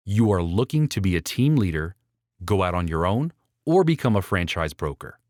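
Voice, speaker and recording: A man with a deep, darkish voice narrates his own book as an audiobook, using big pitch swings at a moderate pace. The recording is dry and studio quality, and he speaks persuasively, straight to the listener.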